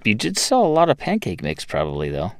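Casting: male podcast host, lowish voice with lively inflection, probing. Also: brisk, smooth, dry recording, clean studio sound. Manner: probing, curious. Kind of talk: interview.

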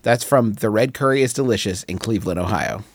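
A man's voice: lowish voice, a little fast, no echo. A man hosting a comedic advice podcast, reading listener letters in a rambling, self-mocking way. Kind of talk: casual comedic chat.

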